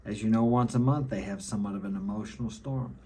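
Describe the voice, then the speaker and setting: A man's voice: fairly low pitch, fast, darkish tone, slightly rough. A middle-aged man giving an opinionated monologue to camera, lecturing and often ending his points with a checking "okay?". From United States. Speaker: self-help vlogger.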